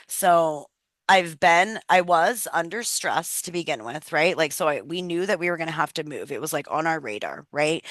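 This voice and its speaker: A woman's voice: low voice, a bit bright, no room sound. A woman in her thirties leading a wellness workshop on a video call, telling personal stories in a chatty, candid way and swearing freely.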